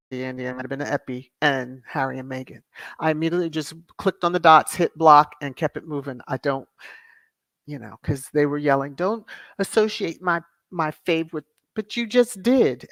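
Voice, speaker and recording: A woman's voice: deep voice, fairly bright tone, no echo. A woman hosting her own commentary channel, talking casually to viewers with sassy, exasperated asides.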